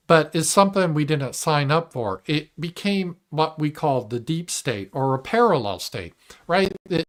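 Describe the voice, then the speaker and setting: A male livestream host talking in a slightly high voice, in a loose, blunt commentary monologue. He swears freely and reads viewer messages aloud between remarks. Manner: blunt and profane, mimics opponents in mocking voices. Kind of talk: casual political commentary monologue.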